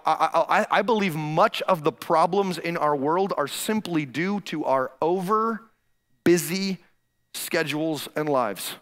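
High-voiced, bright-toned male pastor preaching. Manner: animated, emphatic, repeats key phrases. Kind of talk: sermon. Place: church stage.

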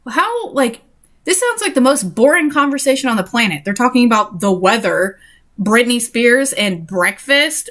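Young woman, slightly high voice, sarcastic reader mocking a story between passages. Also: big pitch swings, normal speed, fairly bright tone. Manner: sarcastic and exasperated. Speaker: reader and commentator. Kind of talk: reading a story aloud with mocking asides.

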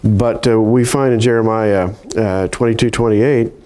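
A man co-hosting a Bible study conversation, measured in tone and reading scripture with emphasis. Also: fairly low pitch, steady tone, warm tone. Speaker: Bible prophecy show co-host.

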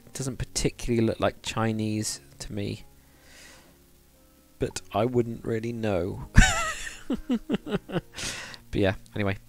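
A man's voice: fairly low pitch, fairly even intonation, takes it slowly, gravelly, pauses often, darkish tone. A man chatting casually and rambling to viewers on a live stream, with many fillers. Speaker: live streamer, game builder.

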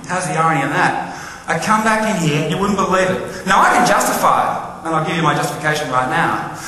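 A man giving a lively motivational keynote, firing questions at his audience. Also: sits high. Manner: animated, quizzes the audience. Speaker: motivational speaker. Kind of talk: live keynote talk to an audience. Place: large hall with live audience. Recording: echoey hall with long reverb, faint ambience.

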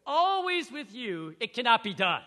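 A man's voice: very high voice, very animated, normal speed, sharp tone, voice pushed up, exaggerated voice. A man voicing a wise, ancient, tiny male Jedi master who speaks in emphatic, inverted phrases, in an echoey hall. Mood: stern. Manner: inverted word order, emphatic.

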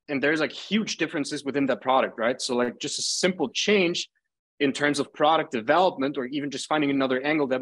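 A man's voice: medium pitch, a bit bright. A man in his twenties from Germany, a podcast guest talking loosely and casually, full of filler words. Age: 20s. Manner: loose and chatty, full of "like" and "bro".

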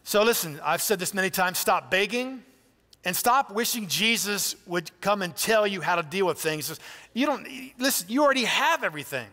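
A man's voice: high-pitched, animated, moderate pace, bright, forceful tone, in a large hall. A man pastor preaching a sermon in a church, in a conversational, emphatic way with direct appeals to listeners. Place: church sanctuary.

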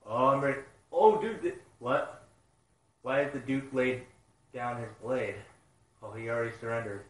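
Give me an excitable, cursing man reacting to a comic, in a roomy room. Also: mid-range voice, moderate pace, pauses often, slight background noise. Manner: excitable, swears a lot, loud outbursts. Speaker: manga reaction vlogger. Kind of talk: live reading reaction. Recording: roomy sound, mic at a distance.

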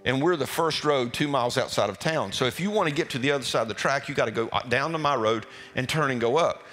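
Folksy pastor telling a story in a hall. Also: male voice, mid-range voice, fast. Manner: folksy, animated storyteller who stumbles and repeats words. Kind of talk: storytelling testimony to a congregation. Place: church sanctuary. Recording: reverberant hall with faint music.

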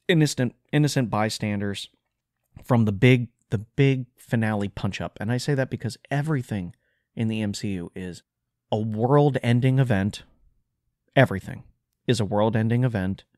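A man's voice: on the low side, a little mellow, no echo, clean studio sound. A man hosting a podcast, ranting in an exasperated, sarcastic way in casual solo commentary. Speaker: podcast host.

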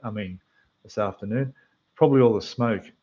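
Aussie bloke rambling on his model building stream, lowish rough voice, kinda dull muffled mic. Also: normal speed, warm tone. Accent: Australian. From Australia. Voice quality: rough, losing its depth. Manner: chatty, rambling, talks to the chat while building. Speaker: scale model livestream host. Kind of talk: casual livestream chat. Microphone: desk microphone, quieter when turned away.

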